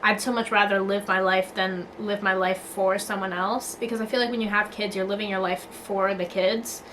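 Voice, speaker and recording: Young woman, casual vlog rant, blunt and sweary, bright tone, medium pitch. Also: flat delivery, normal speed, a little hiss or hum, low-quality recording. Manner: blunt, swears freely, many filler likes and restarts. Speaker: vlogger. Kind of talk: casual talking-to-camera rant.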